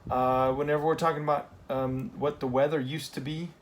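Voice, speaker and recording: A man's voice: a little high, little pitch movement, a little fast. A man teaching a Spanish grammar lesson in a casual classroom style, often checking in with "okay?" and correcting himself as he goes.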